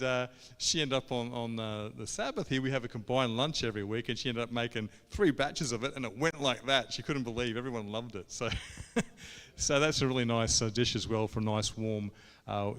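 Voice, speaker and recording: A man hosting a cooking event, introducing it informally with many fillers and restarts. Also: mid-range voice. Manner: informal, halting, with fillers and laughs. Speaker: event host. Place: church hall. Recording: reverberant hall.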